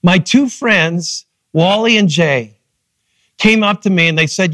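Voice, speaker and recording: A middle-aged man preaching a sermon as pastor, telling his story with lively, acted-out quotes. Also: high voice, a little slow, no echo. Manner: animated storytelling, acting out quotes. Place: church.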